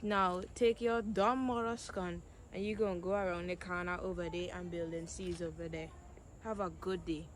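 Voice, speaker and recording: A woman's voice: on the low side, fairly even intonation, moderate pace, a little hiss or hum. A woman, talking bluntly and scolding with lots of swearing on the street. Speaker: passer-by being pranked.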